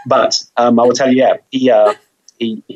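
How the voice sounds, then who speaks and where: A man's voice: medium pitch, flat delivery, normal speed, a little mellow, muffled recording, a little hiss or hum. A man, a mystery author, talking in a conversational interview, thoughtful, often repeating words as he thinks.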